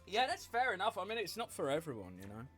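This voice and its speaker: A gaming streamer chatting casually to viewers in an animated way, laughing often, at a home desk mic. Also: medium pitch, quick pace, faint music behind. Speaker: gaming livestreamer. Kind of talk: casual livestream commentary.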